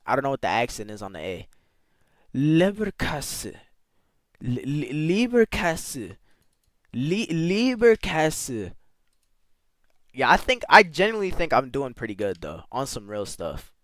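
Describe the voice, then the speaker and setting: A man's voice: medium pitch, very animated, quick pace, hardly any pauses, pushed and bright, no echo. A man streaming live, chatting casually with his viewers and playfully sounding out foreign words. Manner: talks to chat with slangy asides.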